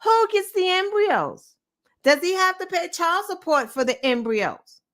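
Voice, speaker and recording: A woman's voice: very high-pitched, lively intonation, a little slow, fairly bright tone. A woman hosting a show, giving opinionated political commentary in an impassioned, profane way, firing off rhetorical questions. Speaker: show host.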